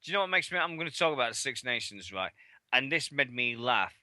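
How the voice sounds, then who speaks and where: A man co-hosting a sports radio show, chatting casually and ranting loudly and swearing when worked up. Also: medium pitch, sing-song, fast, dry recording. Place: radio studio.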